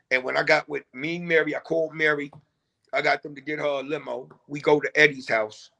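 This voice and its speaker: A man's voice: on the high side, steady tone, normal speed, gravelly, bright, forceful tone. A man who is a guest rapper, telling his story in an interview in a reflective, laid-back way. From New York.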